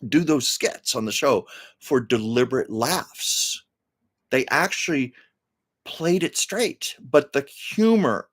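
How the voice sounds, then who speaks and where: A man hosts a casual live stream, chatting through stories in a medium-pitched, fairly bright voice. He laughs often and keeps drifting into asides.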